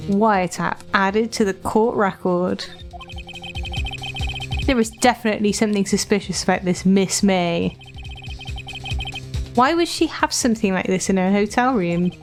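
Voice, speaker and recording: A woman's voice: mid-range voice, close to an everyday voice. Woman reading as a earnest young lawyer. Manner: earnest, thoughtful inner monologue. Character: determined young male defense lawyer.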